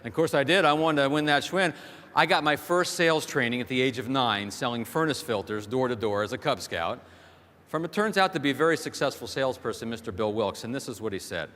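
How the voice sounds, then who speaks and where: A man's voice: medium pitch, a little fast, a bit bright. Male keynote speaker, storytelling, rhetorical questions, mid-range voice, big hall reverb. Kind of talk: motivational keynote speech. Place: large hall stage before a big audience. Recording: long hall reverb from a stage.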